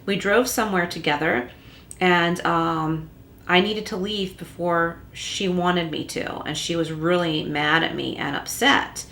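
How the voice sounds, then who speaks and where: A woman's voice: fairly low pitch, fairly even intonation, unhurried, vocal fry, a bit bright, roomy sound, a little hiss or hum. A woman giving a tarot reading at home and speaking straight to the listener in a reassuring way. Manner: reassuring, addresses the listener directly. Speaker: tarot reader. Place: room at home with a closed door.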